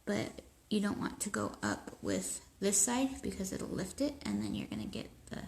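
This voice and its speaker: A woman's voice: mid-range voice, huge pitch swings, normal speed, creaky, darkish tone, poor audio. A woman hosting a casual live nail tutorial from home, chatty and easily sidetracked. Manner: chatty, easily distracted, talks to kids and pets. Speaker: nail polish seller hosting a live stream. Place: home room, indoors. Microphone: phone camera.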